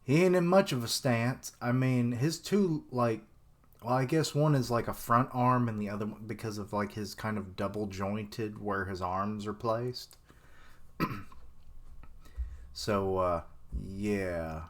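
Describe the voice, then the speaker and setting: A man's voice: on the low side, slow pace. A young man giving casual live reaction commentary on a manga chapter, rambling with lots of fillers and chuckles.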